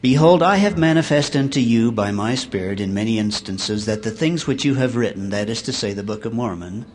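A man giving a sermon, reading scripture aloud in a measured way that slows and swells on the verses. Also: mid-range voice, animated. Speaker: church speaker.

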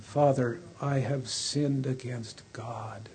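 Brief: man doing a broken young runaway son, husky and slow, begging to be taken back. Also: mid-range voice, fairly even intonation, a little mellow. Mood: pleading. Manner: pleading, pained.

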